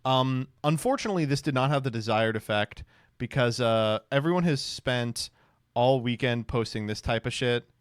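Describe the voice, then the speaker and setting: A man's voice: medium pitch, normal speed, clear, resonant tone, no room sound. Sarcastic streamer man, dry sound. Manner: sarcastic, deadpan mock praise. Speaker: streamer reacting to clips. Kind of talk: casual commentary stream.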